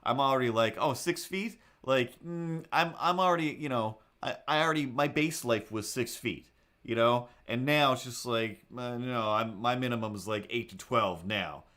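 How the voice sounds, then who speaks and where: A man of middle pitch tells a rambling story on his livestream. He talks casually, with restarts, and jumps into a higher pitch when he acts out his own thoughts or the people he meets. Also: normal speed, a bit bright. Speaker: livestream host. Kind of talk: casual storytelling while drawing.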